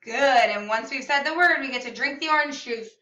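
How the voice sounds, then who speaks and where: A woman teaching a video language lesson for children, upbeat and enunciating slowly so students can repeat after her. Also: high voice, sharp tone. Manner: upbeat, slow and clearly enunciated, modeling words for repetition. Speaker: Spanish teacher. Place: classroom or room at home. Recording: echoey room, slightly far from mic.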